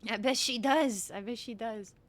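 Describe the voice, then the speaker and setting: A woman's voice: fairly high pitch, moderate pace, no room sound, lightly acted. A woman playing a cheeky character who teases and angles for gifts in an online role-play. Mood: teasing. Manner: teasing, bouncy, laughs easily. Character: cheeky woman angling for a gift car.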